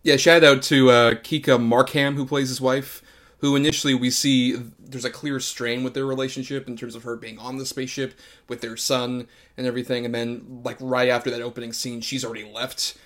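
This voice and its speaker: Relaxed man chatting about a film. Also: medium pitch, fairly quick. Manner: relaxed, chatty, swears now and then. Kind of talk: casual film discussion.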